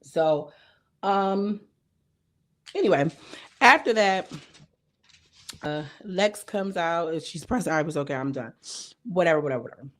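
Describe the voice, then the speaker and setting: A young woman recapping a reality show in casual, slangy chat, her voice a little hoarse. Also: lowish voice, moderate pace, pauses often. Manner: chatty, slangy, animated retelling. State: slightly hoarse voice.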